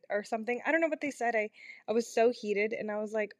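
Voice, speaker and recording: A woman's voice: on the high side, steady tone, fairly quick, no room sound. A young woman hosting her own podcast, recorded in her bedroom on a small microphone, rambling in a casual, self-deprecating way, with fillers and swearing. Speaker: podcast host. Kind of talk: casual confessional chat. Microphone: small home microphone.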